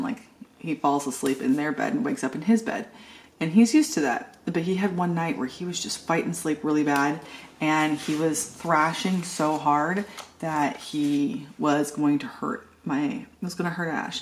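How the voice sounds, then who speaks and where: Chatty middle-aged woman, lowish voice. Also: moderate pace, a little hiss or hum. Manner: chatty, rambling storytelling with many "like" fillers. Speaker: planner vlogger. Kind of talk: casual chat.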